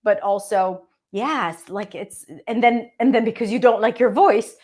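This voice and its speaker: An Israeli-accented woman, a native Hebrew speaker, walks learners through English pronunciation and fluency. Her voice sits a little high, and she keeps checking in with "okay?" and "right?" as she explains. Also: a little slow, a little mellow. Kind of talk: teaching presentation.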